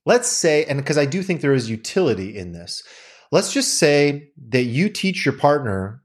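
Male podcast host, lively pitch, candid conversational delivery with casual swearing. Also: moderate pace. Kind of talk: casual explanatory monologue.

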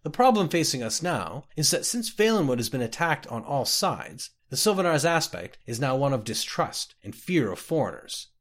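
A stout male wood elf, voiced by a man who sets out facts calmly and plainly. His pitch moves a lot. This is a storybook reading. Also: normal speed, hardly any pauses. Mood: explaining.

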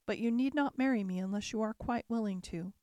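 A gentle, lovelorn beast, read by a woman. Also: on the high side, brisk, no room sound, close to an everyday voice. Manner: gentle, soft-spoken.

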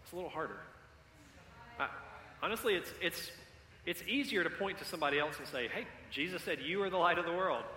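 A man's voice: on the high side, a little fast, sharp tone, slight background noise. A man preaching a sermon as pastor, talking directly with his congregation and having them call out and repeat after him. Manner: interactive, calls on the congregation. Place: church sanctuary. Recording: echoey hall with long reverb.

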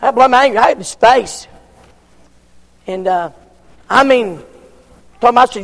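Gravelly high-voiced preacher. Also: male voice, animated, a little slow, long pauses, in a large hall. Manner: folksy, emphatic, swinging from loud cries to hushed tones. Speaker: pastor. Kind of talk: sermon.

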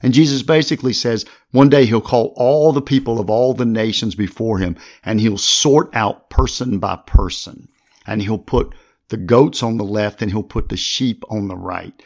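A man's voice: on the low side, normal speed, a little mellow. A man hosting a podcast who explains Bible verses step by step, citing chapter and verse as he reads them aloud. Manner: reads scripture aloud with references. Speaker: podcast host, Bible teacher.

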